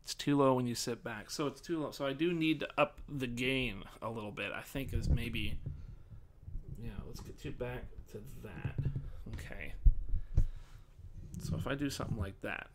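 A man streaming live, thinking aloud and swearing casually as he tests his desk microphone, often projecting near a yell. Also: mid-range voice, moderate pace, a little hiss or hum. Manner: projects loudly, near yelling into the mic. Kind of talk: live stream mic test, casual chat.

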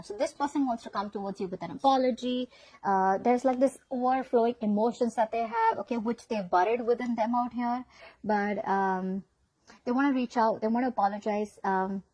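A woman's voice: fairly high pitch, breathy edge, rough recording. A woman giving a casual tarot reading, chatty and filled with "okay?" check-ins. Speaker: tarot reader.

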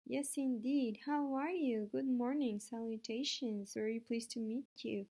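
A woman's voice: a little high, measured pace, mellow. A woman voicing an earnest, eager young male pig in a storybook reading. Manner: polite, pleading.

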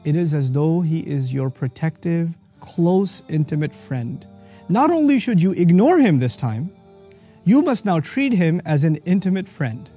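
A man teaching on scripture in an energetic explanatory talk, reciting verses quickly and then explaining them. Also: fairly high pitch, soft background music. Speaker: Quran teacher.

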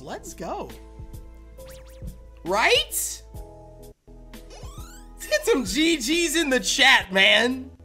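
A man streaming a video game live, chatting loosely with viewers and breaking into high, excited squeals and laughter. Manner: rambling chat to viewers with fillers. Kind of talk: live-stream shiny-hunt reaction.

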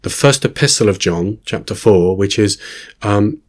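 A man's voice: lowish voice, normal speed. A man giving a reflective Bible teaching, earnest and thoughtful, often quoting scripture. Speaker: Christian teacher.

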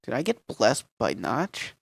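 Goofy swearing gamer dude, gravelly voice, all over the place pitch-wise. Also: male voice, wildly swooping pitch, measured pace, no room sound. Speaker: let's player. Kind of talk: casual gameplay commentary.

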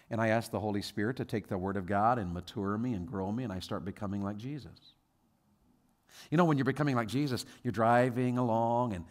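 In a fairly low voice, a guest pastor preaches a sermon. He acts out voices within his stories and moves from quiet asides up to loud exhortation.

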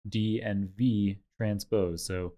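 A man teaching a tutorial, explaining step by step in a measured way over slides and a code demo. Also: on the low side, steady tone, dark tone. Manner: measured, explanatory, with occasional fillers. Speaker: instructor.

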